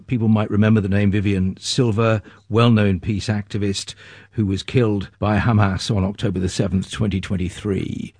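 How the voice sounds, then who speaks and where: Husky-voiced male radio host. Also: fairly low pitch, a little mellow, no room sound. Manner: measured, with frequent "uh" fillers. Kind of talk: broadcast interview hosting.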